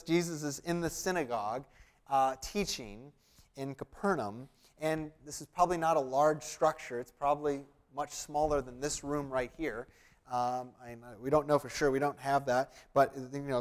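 A man preaching a sermon in a conversational way, telling stories, restarting phrases and filling pauses with "um" and "uh". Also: mid-range voice. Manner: conversational, storytelling with restarts and fillers. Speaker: pastor.

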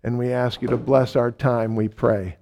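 A middle-aged man preaching a sermon, telling a personal story with lively repetition for emphasis. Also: mid-range voice, normal speed. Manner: animated storyteller, repeats phrases for emphasis; ends in a quiet closing prayer. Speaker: pastor.

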